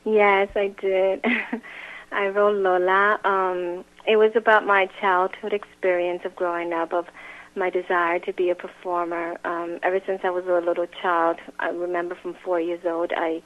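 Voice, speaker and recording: A woman's voice: on the low side, flat delivery, moderate pace. An actress guest chatting in an interview, laughing often and restarting her sentences. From grew up in a Latin music home, now New York. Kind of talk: casual interview chat. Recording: phone-line sound.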